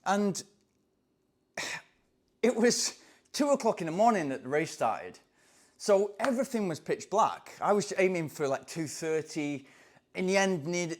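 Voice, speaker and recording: Running coach, man, excitable storyteller, voice sits a bit high. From England. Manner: animated, excitable, acts out voices in anecdotes. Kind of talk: casual storytelling to camera.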